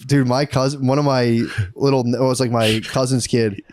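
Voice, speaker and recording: A man in his thirties co-hosts a comedy podcast at a middling pitch. He laughs a lot and bursts into squeaky voices when he quotes people. The mic is close and dry. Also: fairly even intonation, normal speed, darkish tone, no room sound. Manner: laughs often, jumps into high exaggerated voices for quoted people. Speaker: podcast co-host. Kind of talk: casual comedic chat.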